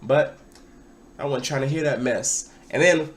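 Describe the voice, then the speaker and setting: A young man vlogging, telling a party story in a casual, excitable way and sometimes shouting out what people said. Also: mid-range voice, a little slow, a little hiss or hum. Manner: animated, excitable, breaks into loud acted-out quotes.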